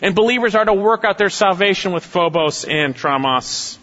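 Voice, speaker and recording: A man's voice: animated, normal speed. Emphatic preacher man in echoing hall. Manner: emphatic preaching, swinging between raised exhortation and low, quiet asides. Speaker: pastor. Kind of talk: sermon. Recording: dull lo-fi sound with long hall reverb.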